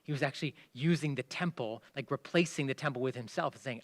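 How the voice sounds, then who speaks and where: A male pastor preaching a sermon, with emphatic stresses that drop into hushed asides. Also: mid-range voice, quick pace. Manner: explains by asking listeners to pay attention.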